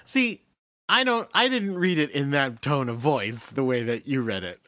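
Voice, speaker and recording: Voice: mid-range voice, expressive, moderate pace, fairly bright tone. A podcast co-host retelling the plot of a cartoon episode in a casual chat and laughing readily.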